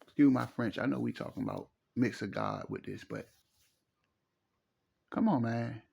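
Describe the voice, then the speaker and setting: A man's voice: medium pitch, very animated, moderate pace, creaky, a little mellow, husky. A middle-aged man, giving preachy, emphatic relationship advice in a casual monologue and repeating his phrases. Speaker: relationship commentator.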